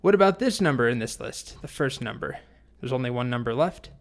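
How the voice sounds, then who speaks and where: A man's voice: mid-range voice, lively intonation, a little fast, lightly acted. A man voicing an earnest, polite young boy apprentice in a spoken story. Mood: asking.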